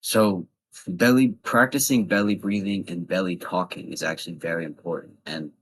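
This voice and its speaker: Young man, very low voice, slightly husky, dry close sound, casual advice vlog. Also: steady tone, normal speed, no room sound, rough recording. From US East Coast. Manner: earnest, loosely structured talk with fillers. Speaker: vlogger.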